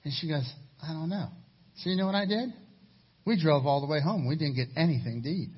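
A husky, fairly high-voiced middle-aged man preaches to his congregation. He tells stories and punches key lines with sudden loud emphasis. The recording is dull and lo-fi. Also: fairly quick. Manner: storytelling, animated with sudden raised emphasis. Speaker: pastor. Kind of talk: sermon.

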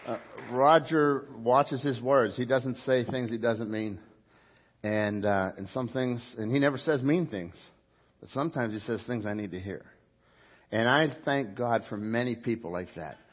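A middle-aged pastor preaching a sermon in church, swinging between loud, emphatic bursts and quiet asides. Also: male voice, medium pitch, unhurried, dull audio, a faint crowd. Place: church sanctuary before a congregation.

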